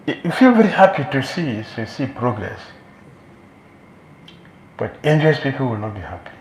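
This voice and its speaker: A man's voice: mid-range voice, big pitch swings, moderate pace, slight background noise. A man giving a sermon as a spiritual teacher, emphatic and repeating key phrases for weight. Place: temple hall. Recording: roomy hall echo.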